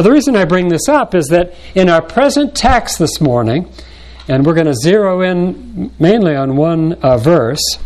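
Older man preaching a deliberate sermon. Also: a little high, a little mellow. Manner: measured, deliberate delivery with frequent throat clearing. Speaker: pastor.

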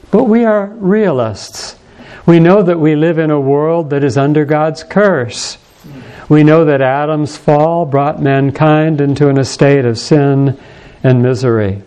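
A male pastor preaching a sermon and reading scripture aloud in a measured, deliberate way. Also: on the high side, mellow, clean tone.

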